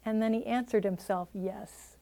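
Woman giving a relaxed dharma talk, thinks out loud, chuckles a lot. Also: mid-range voice, moderate pace, vocal fry. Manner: thoughtful, hedging, laughs easily. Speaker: meditation teacher.

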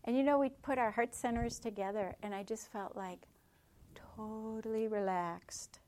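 Gentle woman giving a dharma talk. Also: a little high, steady tone, moderate pace. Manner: gentle, reflective, with soft asides. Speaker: meditation teacher.

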